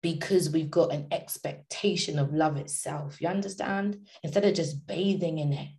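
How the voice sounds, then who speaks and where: A woman's voice: deep voice, fairly even intonation, moderate pace, darkish tone. A woman giving an inspirational talk, passionate and slangy, driving her points home with repetition. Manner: passionate, slangy, repeats phrases for emphasis.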